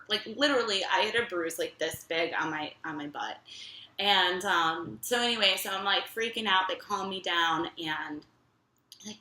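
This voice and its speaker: A young woman casually telling a personal story in an animated, chatty way, full of fillers. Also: medium pitch, echoey room, rough recording.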